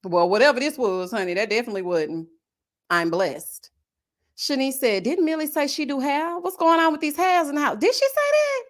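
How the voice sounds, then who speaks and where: A woman hosting a casual live chat, animated and laughing often, drawling endearments like "baby" and "child". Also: high-pitched, fast, few pauses. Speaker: livestream host.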